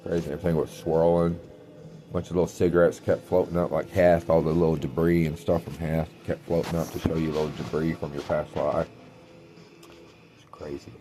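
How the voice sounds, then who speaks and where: Very deep, gravelly-voiced man rambling. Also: level tone, dark tone, a little hiss or hum. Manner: meandering, trailing off, frequent "uh" pauses. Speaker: self-described clairvoyant. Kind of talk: rambling spiritual monologue.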